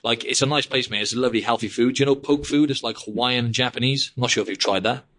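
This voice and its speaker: Here a young Australia-based podcast host talks fast, his medium-pitched voice fairly bright. He rambles in a casual way and keeps dropping "mate" and "like" into his sentences.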